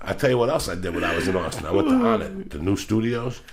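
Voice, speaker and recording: A middle-aged man with a gravelly, somewhat low voice hosts a casual podcast. He tells stories in a profane, animated rush and swears constantly. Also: fast, a little hiss or hum. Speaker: podcast host.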